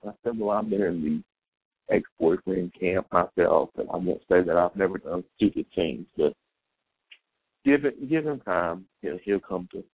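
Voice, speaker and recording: A man's voice: low voice, moderate pace, breathy edge. A man hosting a podcast, telling a long personal story in a rambling, anecdotal way and quoting both sides of the conversation. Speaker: podcast host. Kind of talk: storytelling monologue. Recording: tinny phone-like dry recording.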